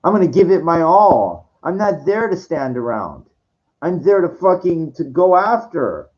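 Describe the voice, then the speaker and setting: This man, in his forties, has a voice on the high side with big pitch swings and an unhurried delivery. His rambling personal rant is full of stammered restarts, swearing and exasperated outbursts, heard through dull lo-fi audio.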